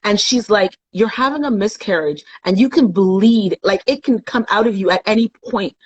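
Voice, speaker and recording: A woman's voice: mid-range voice, normal speed, husky, lo-fi sound. A young adult woman from Canada, a guest in a live chat, telling a painful personal story candidly and acting out the voices of the people in it.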